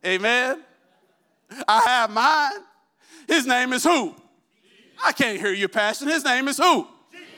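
A man's voice: very high-pitched, animated, a little slow, long pauses, bright, forceful tone. A man preaching a sermon, constantly calling out to the congregation with questions and asking for amens. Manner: call-and-response, asks the congregation questions.

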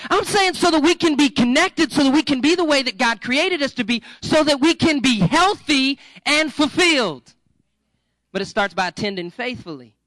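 A male pastor preaching a sermon in a lively, joking, conversational way that coaxes the congregation. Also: extremely high pitch, no room sound, low-quality recording.

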